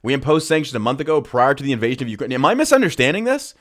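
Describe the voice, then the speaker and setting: A man's voice: medium pitch, very animated, very fast, fairly bright tone. A man hosting a podcast and commenting on a live event as he watches, swearing often and reacting with disbelief and mockery. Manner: profane, incredulous, mocking.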